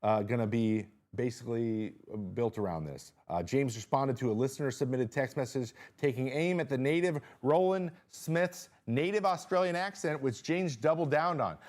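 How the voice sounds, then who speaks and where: A man hosting a casual live-stream chat from a small studio, animated, jumping high in pitch when he reacts, with lots of fillers and restarts. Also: moderate pace, few pauses. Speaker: host.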